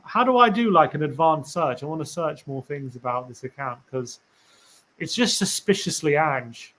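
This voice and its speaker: Rambling, higher-voiced man streaming. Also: animated, moderate pace, a bit bright. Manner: musing, rambling, asks viewers rhetorical questions. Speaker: fan channel stream host. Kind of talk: casual live-stream chat reading tweets aloud.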